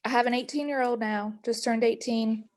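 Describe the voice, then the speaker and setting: A woman's voice: a little high, fairly even intonation, normal speed, a little mellow. A woman in her late thirties, talking casually as a workshop participant over a video call and hedging often. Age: 30s. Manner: chatty, hedging with "kinda". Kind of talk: casual sharing.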